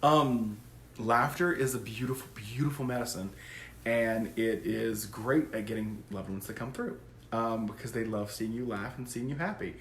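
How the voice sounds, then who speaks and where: Goofy, animated man in a roomy space. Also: medium pitch, moderate pace, a little hiss or hum. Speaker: psychic medium. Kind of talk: casual talk to camera.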